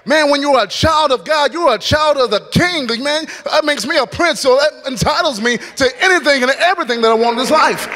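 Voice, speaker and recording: A man giving an animated testimony as a guest speaker at a church, acting out scenes from his story. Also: very high voice, a little fast, hardly any pauses. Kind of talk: testimony sermon. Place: church hall. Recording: long reverb of a church hall.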